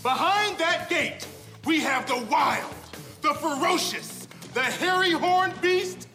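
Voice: very high-pitched, lively intonation, slow, pushed and bright, faint music behind, heavily acted. A performer voicing a showy cartoon arena announcer who stretches out grand, sing-song introductions. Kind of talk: cartoon voice acting.

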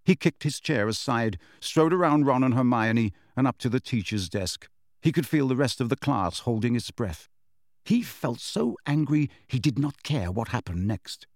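Guy narrating an audiobook, really lively up and down, dry close sound, steady storytelling. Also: mid-range voice, no echo. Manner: expressive, measured storytelling. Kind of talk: scripted narration.

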